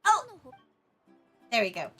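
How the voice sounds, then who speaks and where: A woman's voice: bright, forceful tone, faint music behind. A young woman with a Swedish accent, chatting playfully with her viewers while streaming a game. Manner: playful, bantering with chat, quick laughs. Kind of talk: casual gaming stream chat.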